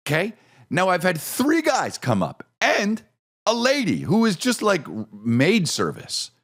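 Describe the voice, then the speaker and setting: A middle-aged man spins a comedic story on his podcast, his pitch swinging widely as he acts out the people he met. He swears freely and slips into quick little impressions, then drops back to a low grumble. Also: huge pitch swings, a bit bright. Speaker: podcast host.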